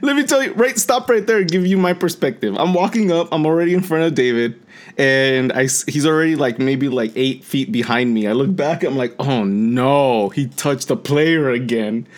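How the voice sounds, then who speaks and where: A podcast co-host with a fairly high-pitched, brisk voice tells stories animatedly in casual chat, laughing often.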